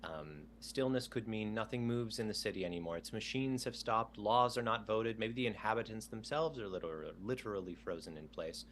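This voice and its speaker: A man's voice: lowish voice, moderate pace, few pauses, a little hiss or hum. A man running a tabletop game over a video call, reading prompts aloud in an easygoing way. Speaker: game master.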